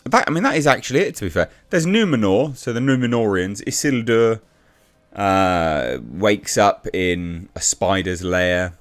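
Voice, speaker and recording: A man's voice: fairly low pitch, expressive, a little slow. A man giving a blunt, exasperated casual review rant, with frequent restarts and swearing.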